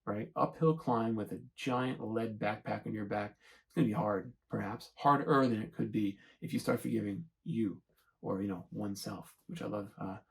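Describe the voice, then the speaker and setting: On his self-help channel, a man with a fairly low, creaky voice speaks at a moderate pace in a reflective monologue to camera. He rambles and searches through his thoughts, frequently checking in with the listener by asking "right?" The recording quality is low.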